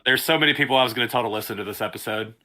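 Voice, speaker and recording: A male podcast co-host who throws in dry wisecracks during casual banter. His voice is bright and sits at an ordinary pitch for a man. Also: rapid-fire. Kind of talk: casual comedic chat.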